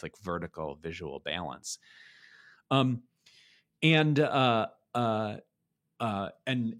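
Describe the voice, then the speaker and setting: A man's voice: lowish voice, a bit bright. A man giving a conversational lecture, thinking aloud with frequent restarts and checking in with "right?". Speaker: speaker explaining ideas on beauty and art.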